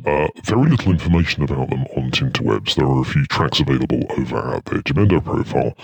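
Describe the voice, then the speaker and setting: A husky, gravelly bass voice with a darkish tone belongs to an internet radio host chatting casually between songs, recorded with no echo. He rambles in a dry, self-deprecating way while linking the music.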